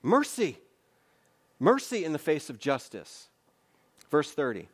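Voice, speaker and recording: A man's voice: a little high, very animated, slow, breathy edge. A man preaching a sermon as pastor, earnest and emphatic, with repeated phrases and conversational rhetorical questions.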